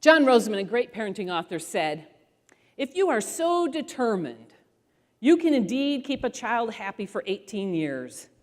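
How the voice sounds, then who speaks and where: Lively, high-voiced woman storyteller. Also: normal speed. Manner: animated storyteller who acts out voices. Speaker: parenting author and speaker. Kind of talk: storytelling talk to an audience. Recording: long hall reverb.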